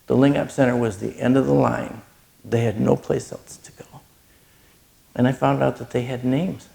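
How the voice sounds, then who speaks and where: Middle-aged man, charity speaker, earnest storyteller; heavy vocal fry, mid pitch. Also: fairly even intonation, normal speed, mellow. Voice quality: gravelly. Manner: earnest storytelling, gets choked up. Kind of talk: personal testimony talk.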